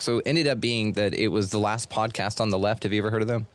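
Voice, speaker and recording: Speaking at a fairly low pitch and a brisk, steady pace, this middle-aged podcast host is the one being interviewed. He swaps stories about his life in a loose, profane way full of fillers, recorded in a treated home studio.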